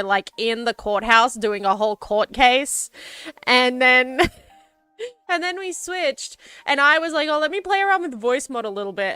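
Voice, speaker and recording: A woman's voice: fairly high pitch, fairly bright tone, clear, resonant tone, dry recording. Giggly, rambling young woman streamer. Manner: rambling and giggly, lots of fillers. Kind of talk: casual chat. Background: faint background music.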